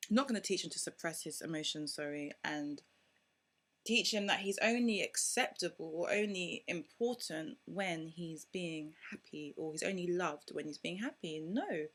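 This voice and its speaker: A young woman, a mother vlogging to camera in casual, outspoken and animated talk. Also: lowish voice, normal speed. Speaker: parenting vlogger.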